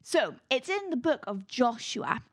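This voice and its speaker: Lively high-voiced woman leading kids' church. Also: measured pace, no room sound, studio quality. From Scotland. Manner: playful, animated, leading call-and-response memorization. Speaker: children's church leader. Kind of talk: children's church lesson.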